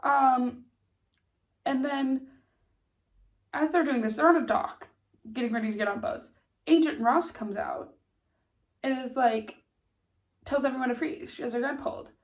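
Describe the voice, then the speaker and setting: A TV recap vlogger with a stuffy nose casually goes over a series, her voice sitting high at a moderate pace with frequent pauses. She's chatty and fills her talk with plenty of "like" and "um."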